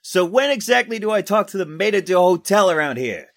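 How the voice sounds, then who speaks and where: A man's voice: sits high, sing-song, brisk, a bit bright, no room sound, pitched above the performer's own voice, full character voice. A man voicing a male war reporter with a dry, joking manner.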